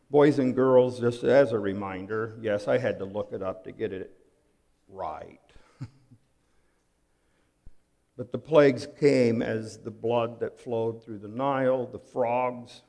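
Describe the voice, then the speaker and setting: A pastor preaching a sermon, dramatic and full of rhetorical questions, swinging from hushed to loud. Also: male voice, mid-range voice, takes it slowly. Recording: long hall reverb.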